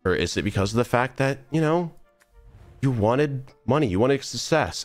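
A man's voice: mid-range voice, sing-song, moderate pace, soft background music. A young man streamer talking earnestly in a casual, rambling monologue full of restarts while he plays a game. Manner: rambling, earnest, many restarts and trailing asides.

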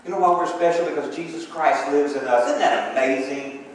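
This man preaches a little fast with a fairly high voice, swinging between emphatic calls for response and conversational storytelling. He's in a church sanctuary, heard from far off in an echoey hall.

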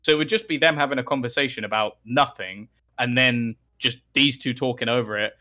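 A young man, an esports caster, telling anecdotes in a casual podcast chat, animated, with laughs and frequent restarts. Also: medium pitch, brisk.

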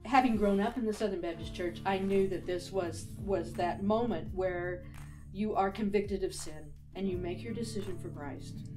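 A woman recounting a personal story of faith in an animated, storytelling interview. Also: on the low side. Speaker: interviewee giving a faith testimony.

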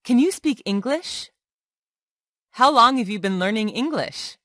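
Slow, lively-voiced woman reading phrases. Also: fairly high pitch, dry recording, studio quality. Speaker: English tutor. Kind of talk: reading practice phrases aloud.

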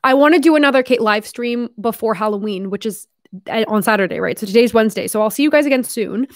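A woman's voice: on the high side, quick pace, no room sound. A young woman chats casually to her stream audience, full of "like" and the odd swear word. Her voice sounds a little worn after hours of talking. The sound is dry and close, with no room around it. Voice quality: chatty, lots of "like", casual swearing. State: voice tiring from long talking. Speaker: live streamer. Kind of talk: casual live stream chat.

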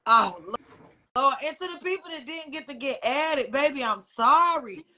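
High bright-voiced woman hosting a livestream. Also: lively intonation, moderate pace. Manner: chatty and loose, drops slang. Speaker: livestream host. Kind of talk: casual live video chat.

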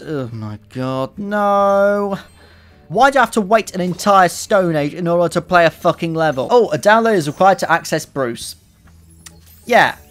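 Sarcastic, swearing gamer. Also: male voice, on the high side. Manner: sarcastic, profane, excitable. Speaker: let's play commentator. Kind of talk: game commentary.

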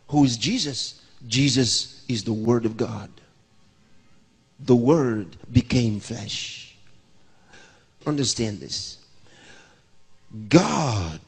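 A man's voice: medium pitch, husky. A man in his sixties, a pastor, preaching a sermon by asking questions and answering them himself. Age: 60s. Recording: long reverb of a large hall.

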